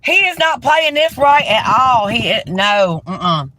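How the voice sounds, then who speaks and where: A woman's voice: fairly high pitch, lively intonation, unhurried, pushed and bright, dry recording, low-quality recording. A woman ranting heatedly and profanely during a live stream, talking into a handheld phone from inside a car.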